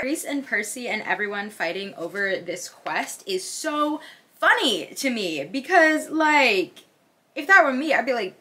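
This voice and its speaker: A young woman reacting to a novel as she reads it in a casual vlog, animated and excitable, switching between gasps and thoughtful musing. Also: a little high, measured pace. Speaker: book vlogger.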